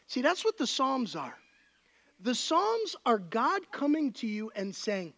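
Animated, high-voiced male pastor preaching. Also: unhurried. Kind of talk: sermon.

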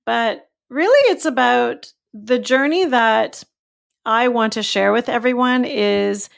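Gravelly-voiced woman, animated guest. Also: fairly high pitch, slow. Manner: animated, acts out her own thoughts in quotes. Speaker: guest, coach and speaker. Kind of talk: casual podcast conversation.

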